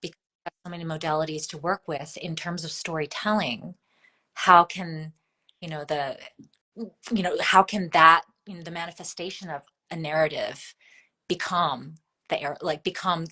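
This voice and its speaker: A woman's voice: low-pitched, steady tone, normal speed, sharp tone. A woman in her thirties, a guest in a conversational interview, talking in a thoughtful, meandering way with many fillers and restarts.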